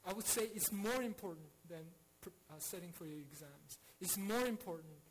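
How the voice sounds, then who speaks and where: A man's voice: sits high, normal speed, breathy edge, low-quality recording. A man teaching a Bible study in an earnest way, with frequent restarts and rhetorical questions.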